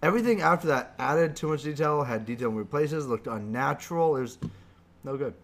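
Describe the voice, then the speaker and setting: A man's voice: fairly high pitch, lively intonation, fairly quick. A man co-hosting a casual podcast, dry and contrarian in his teasing. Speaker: podcast co-host.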